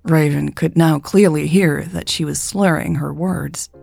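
A woman narrating a romance story in a measured, even way. Her voice is low and husky with a gravelly texture. The sound is close and dry, with faint music underneath. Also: dry recording. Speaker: podcast author and narrator. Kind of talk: audiobook fiction narration.

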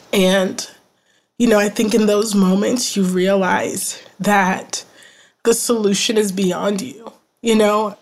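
A woman in her thirties, a trauma counselor, telling her personal story as a podcast guest in a reflective, earnest way, often saying "you know" and "like". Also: mid-range voice.

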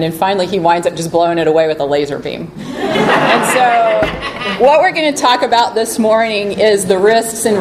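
A woman gives a sermon in an easy, conversational manner, with the odd filler as she goes. She reads scripture aloud with feeling, her voice sitting at an ordinary middle pitch. A faint background hum sits behind her. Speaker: preacher.

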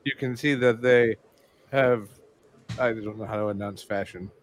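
A man's voice: lowish voice, steady tone, normal speed, a little hiss or hum. A wry, offhand man chatting casually on a podcast.

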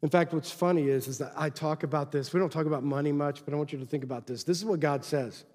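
A man preaching a sermon as pastor, emphatic, swinging from loud exhortation to quiet asides. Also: a little high, quick pace, big-room sound.

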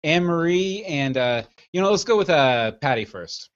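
A man's voice: a little high, expressive, normal speed. A man hosting a casual group podcast discussion, talking with many restarts and steering the questions. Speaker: podcast host. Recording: dull lo-fi sound.

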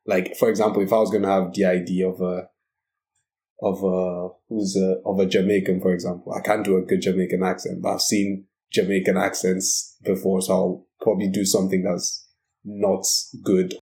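A man chatting casually as a podcast guest, relaxed and hesitant, with many fillers. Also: low-pitched, normal speed. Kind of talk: casual chat.

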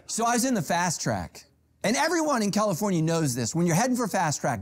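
A middle-aged male pastor preaching a sermon, telling stories with humor and sudden jumps in pitch. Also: big pitch swings, fairly quick. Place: church stage with a golf cart prop.

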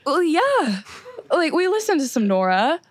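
Lively, higher-voiced woman host. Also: unhurried, a crowd in the background. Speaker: interview host. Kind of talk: casual interview chat.

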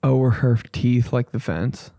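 A man hosting a comedy podcast, riffing in a casual, animated way and swearing freely. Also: mid-range voice, a little slow, gravelly, no room sound, studio quality.

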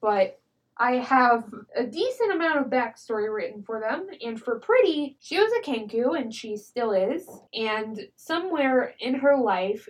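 A woman tells tabletop game stories in a casual podcast chat, animated and quick to laugh. Her voice sits a bit high, and she keeps slipping into character voices mid-story. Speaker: podcast guest.

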